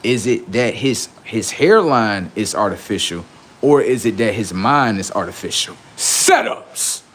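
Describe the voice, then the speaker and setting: A man's voice: on the low side, animated, normal speed, fairly bright tone, slight background noise. A man hosting a livestream, delivering a boastful, heavily profane rant that taunts the people he is mocking. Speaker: livestream host.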